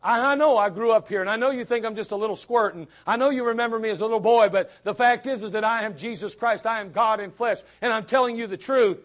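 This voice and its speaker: A man's voice: high voice, quick pace, few pauses, natural voice. A preacher voicing an earnest, insistent young man.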